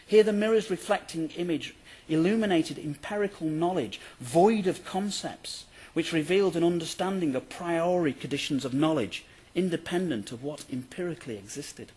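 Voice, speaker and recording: A male university lecturer reading out a prepared academic paper in a formal, measured way, with the odd dry aside. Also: a little high, a little mellow, breathy edge.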